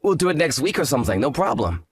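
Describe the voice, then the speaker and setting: Male actor, arrogant hungover fiancé, condescending drawl, lively intonation. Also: mid-range voice, fast talker, slightly rough, no room sound, clean studio sound. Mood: dismissive. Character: smug hungover young fiancé, arrogant and dismissive. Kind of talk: dramatized story voice acting.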